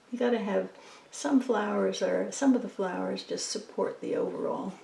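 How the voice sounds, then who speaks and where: A painting instructor talks through her painting step by step as she works, in a casual tutorial where she thinks aloud and often drops to a near whisper. Her voice is mid-range, gravelly and mellow, at a moderate pace. The low-quality recording has an echoey room sound.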